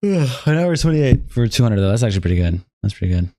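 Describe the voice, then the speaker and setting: A man streaming live, reading a document aloud and tossing off quick, offhand reactions to his chat. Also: medium pitch, sing-song, dark tone, no echo. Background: faint background music.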